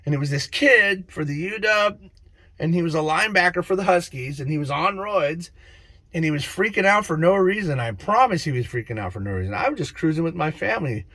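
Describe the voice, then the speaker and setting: An excitable man preaches oneness to his viewers in a casual spiritual vlog, his voice sitting a little high and swinging widely in pitch. He laughs at his own stories, and the sound is dry and close. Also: brisk, dry recording. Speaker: spiritual vlogger. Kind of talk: casual spiritual monologue to camera.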